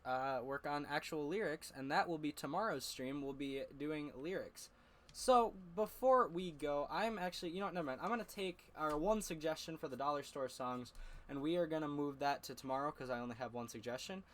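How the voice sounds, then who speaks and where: A man's voice: on the high side, a little fast, fairly bright tone. A man hosting a home music livestream, talking in a loose, rambling way with lots of fillers. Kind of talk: casual livestream chat. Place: home room.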